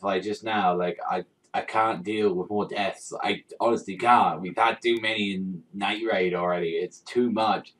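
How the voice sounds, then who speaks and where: A man vlogging his reaction to a manga chapter, rambling through fillers, swearing constantly and bursting into shouts. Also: low voice, fairly even intonation, normal speed, few pauses, distant mic, poor audio. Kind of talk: excited reaction rant.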